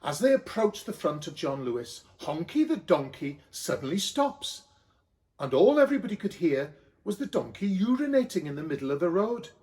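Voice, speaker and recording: A Welsh man reads a cheeky comic story aloud. His voice sits fairly high for a man. He delivers it with a playful, mischievous manner. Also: sing-song, moderate pace, darkish tone. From Wales.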